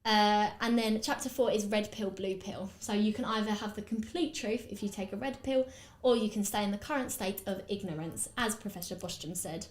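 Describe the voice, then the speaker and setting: Woman podcast host with an Essex accent, rambling casual chat, mid-pitched voice, room echo. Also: a little fast, few pauses. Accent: Essex English. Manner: chatty, rambling, with frequent fillers. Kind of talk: casual podcast chat while doing makeup.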